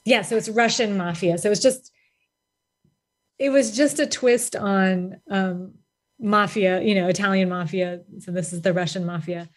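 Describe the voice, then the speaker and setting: A woman's voice: medium pitch, measured pace. A woman author as a guest in a casual interview, telling chatty anecdotes.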